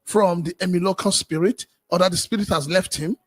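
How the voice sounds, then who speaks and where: A man speaking as a panelist on a political talk show, animated and firing off rhetorical questions. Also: high-pitched, a little fast, slightly rough, no echo.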